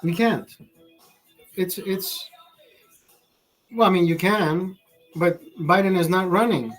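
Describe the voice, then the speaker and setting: Man, high-pitched, profane, rambling, livestream rant, quiet music behind. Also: takes it slowly, pauses often. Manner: profane, rambling, laughing asides. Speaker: streamer.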